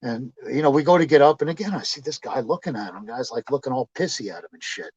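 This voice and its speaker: A man being interviewed, casually telling profane, animated stories and acting out what people said. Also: medium pitch, fast talker, husky, no echo, lo-fi sound. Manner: profane, animated anecdotes with acted quotes. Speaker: interview guest, pro wrestler. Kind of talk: casual storytelling.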